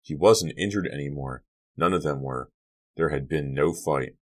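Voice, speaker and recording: A man narrating a young-adult horror novel as an audiobook reader, steady and dramatic. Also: a bass voice, normal speed. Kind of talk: scripted narration.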